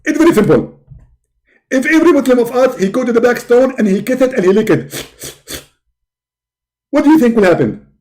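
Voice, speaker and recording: Mocking impression: high, shouty, stubborn preacher who won't budge, put on by a man. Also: sing-song, a little fast, long pauses. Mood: insistent. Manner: shouty, insistent, keeps repeating itself.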